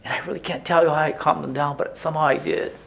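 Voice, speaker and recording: An actor playing a haunted male inmate reliving his painful youth, telling it in a halting, emotional theatrical monologue with stammered restarts. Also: a little high, fairly even intonation, vocal fry, fairly bright tone. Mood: anguished.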